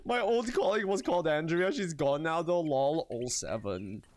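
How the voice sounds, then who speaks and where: A man live-streaming a game, chatting casually with his viewers in an excitable, animated way and swearing freely. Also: fairly high pitch, moderate pace, no echo.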